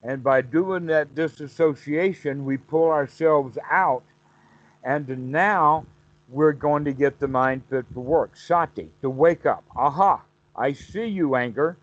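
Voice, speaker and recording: A man's voice: a little high, unhurried, dry recording. Man teaching meditation over dull call audio. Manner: explanatory, voices the mind's self-talk in quotes.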